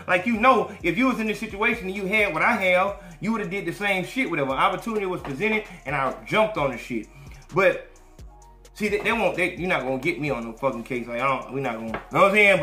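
A man hosting a podcast tells stories in loose, profane, animated talk. His voice sits high and sounds bright and forceful. It echoes around the room over faint music. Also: brisk. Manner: profane, animated, acts out quotes. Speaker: podcast host. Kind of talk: casual storytelling chat.

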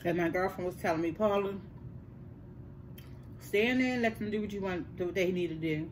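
An older woman, telling a personal story in casual chat, animated and repeating words for emphasis. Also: on the low side, fairly quick, slight background noise. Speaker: host.

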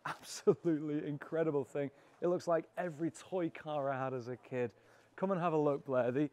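A British man with a fairly high voice guides viewers around a classic car auction. He gushes over each car with cheeky asides and quick jokes, sounding thrilled by everything he sees. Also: steady tone, a little mellow. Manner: enthusiastic, cheeky and jokey. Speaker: car vlogger. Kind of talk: walkaround presenting.

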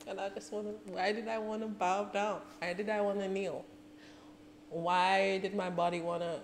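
A woman hosting a reaction video, gushing and excitable in casual commentary, often talking to herself. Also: medium pitch, normal speed. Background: faint music playing.

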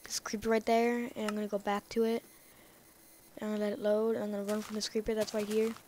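A woman rambling through casual gameplay commentary, talking excitedly to herself and to the game's characters. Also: medium pitch, fast, a little hiss or hum. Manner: rambling, excitable self-talk to the game. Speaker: let's play gamer.

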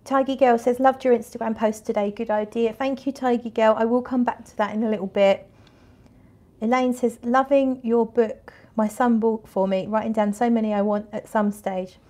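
A woman's voice: a little high, steady tone, normal speed, a little mellow. Chatty woman hosting a livestream. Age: 40s. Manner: chatty, bubbly, with frequent restarts and laughs. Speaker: fragrance livestream host. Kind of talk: casual live-stream chat reading comments.

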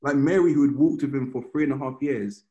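Man preaching in a relaxed, chatty way. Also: medium pitch, fast, muffled recording. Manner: informal, storytelling, often restarts phrases. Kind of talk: conversational sermon.

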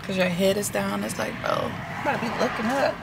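A young woman talks straight to her camera from a tripod in her car as she drives through traffic. Her voice has a gravelly edge, and she chats in a loose, slightly nervous way. Loud road noise rumbles underneath. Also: brisk. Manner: chatty, nervous, laughing asides. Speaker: vlogger. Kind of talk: casual car vlog chat.

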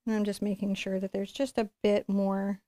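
A woman's voice: medium pitch, level tone, moderate pace, mellow, dry recording. A woman giving a live painting tutorial, chatting and encouraging as she works and thinking aloud. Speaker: painting instructor.

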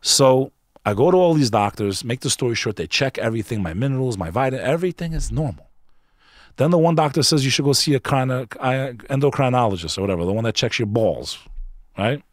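A man's voice: mid-range voice, lively intonation, quick pace, dry recording, studio quality. A man guest on a podcast, telling a personal story in an emphatic, earnest, casual way, often saying "bro". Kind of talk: candid conversational storytelling.

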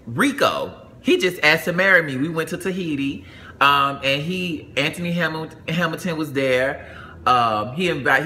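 A young adult man from Atlanta telling a personal story in a casual, animated way, jumping into high voices for the people he quotes. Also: a little hiss or hum.

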